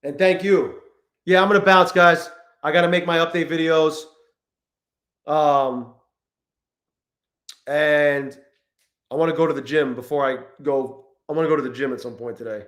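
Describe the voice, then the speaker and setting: A man streaming live, talking casually and excitably to his chat, swearing often and greeting viewers by name. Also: on the high side, moderate pace, long pauses, echoey room.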